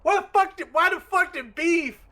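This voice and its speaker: A woman streamer in casual chat about a game, excitable and swearing, acting out her own reactions. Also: very high-pitched, moderate pace.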